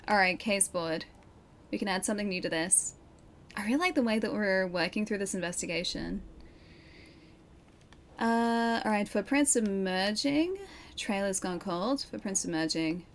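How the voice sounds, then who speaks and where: Sitting at her home PC, a young woman live-streams a game, chatting casually and frequently laughing and reacting. Her voice is medium-pitched, and there's a little background noise.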